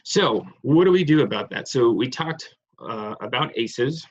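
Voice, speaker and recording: A man's voice: expressive, measured pace. A man giving an online clinical lecture over slides, rambling with many fillers, restarts and apologies. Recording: muffled, low-fidelity online session audio.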